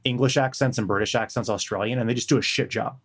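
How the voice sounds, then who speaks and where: A man's voice: medium pitch, steady tone, fast, a bit bright. An American man with a Western American accent chatting casually as a podcast co-host, rambling with lots of fillers and swearing. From United States. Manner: rambling, full of fillers and profanity. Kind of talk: casual chat.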